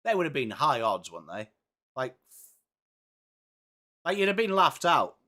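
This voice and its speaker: A man hosting a live football watchalong, reacting excitedly and chatting with viewers by name. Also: on the high side, measured pace. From England. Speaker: live-stream watchalong host. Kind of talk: live sports reaction and chat.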